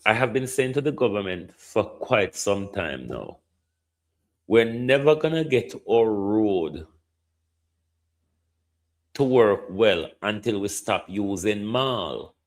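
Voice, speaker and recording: A man's voice: on the low side, animated, takes it slowly, pauses often. A Jamaican man giving indignant political commentary, slipping between patois and standard English. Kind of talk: opinion commentary.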